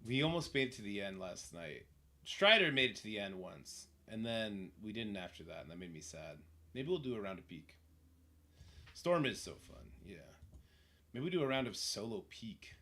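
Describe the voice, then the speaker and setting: Male livestreamer, gravelly and bright, profane casual gameplay commentary. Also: on the low side, expressive, moderate pace. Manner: profane, chatty, reacting to the game and chat.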